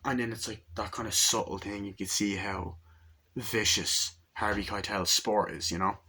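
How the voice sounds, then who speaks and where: Young male reviewer, low bright voice, rambles and mimics film lines. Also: steady tone, moderate pace, slightly rough. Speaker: movie reviewer. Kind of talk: casual movie review.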